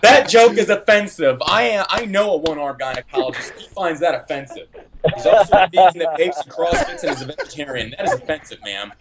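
A man's voice: a little high, animated, a little fast, crowd noise. A man hosting a call-in show, blunt and profane, laughing often. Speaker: radio show host. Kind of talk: casual call-in show talk.

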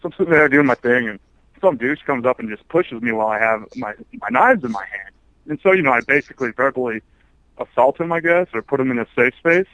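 A man's voice: medium pitch, lively intonation, quick pace, a bit bright, dry recording, poor audio. A man, an army veteran, calling a show with a rambling, aggrieved story. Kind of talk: call-in to a radio show.

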